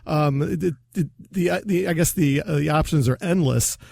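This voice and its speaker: A male podcast host puts his questions slowly and haltingly, with lots of fillers. His voice has a gravelly fry, and it sits a touch high. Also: a little mellow. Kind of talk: interview questions.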